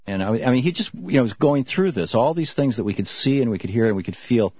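A middle-aged man from Michigan hosting a call-in radio show, telling stories and answering callers in a halting, reflective way. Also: medium pitch, lively intonation, husky, no room sound. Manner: reflective storytelling, halting with restarts. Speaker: radio talk show host. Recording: dull muffled radio broadcast.

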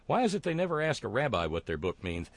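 A man hosting a talk show, delivering sardonic, wry commentary with frequent fillers and halting restarts. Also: medium pitch, huge pitch swings, no room sound.

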